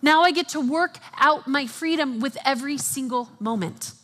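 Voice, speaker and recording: A woman facilitating a live workshop in front of an audience, speaking in an animated coaching manner and acting out the inner questions people ask themselves. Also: high voice, moderate pace, long reverb tail. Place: event hall with audience.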